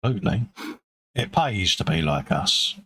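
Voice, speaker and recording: A man's voice: fairly low pitch, sing-song, normal speed, pushed and bright. A British man co-hosting a live painting stream, chatting casually and agreeably with plenty of fillers. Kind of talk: casual chat while painting.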